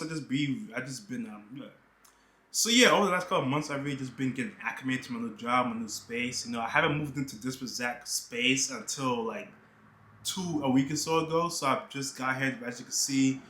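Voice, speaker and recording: His voice sits at medium pitch, pushed and bright, echoing in a reverberant room. The speaker is a young YouTuber from New York chatting casually in a vlog, joking with frequent "you know" asides amid the boxes and bags of a half-unpacked room.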